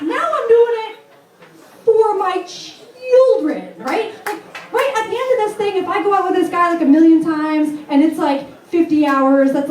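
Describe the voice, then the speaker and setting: A woman's voice: high-pitched, echoey room, distant mic, poor audio. A woman from Vermont in her thirties doing a brash, self-mocking stand-up set in a comedy club. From Vermont, USA.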